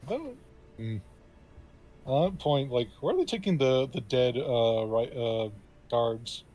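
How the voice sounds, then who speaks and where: A man playing a tabletop game, talking casually in halting bursts with many fillers. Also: medium pitch, animated, a little mellow, muffled recording. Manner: halting, lots of fillers and restarts. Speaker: player.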